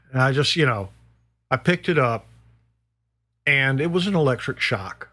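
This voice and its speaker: Bright-voiced man telling a story. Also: fairly high pitch, measured pace, long pauses. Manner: animated, swears, lots of "you know". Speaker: guest musician. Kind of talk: telling a story in a casual chat.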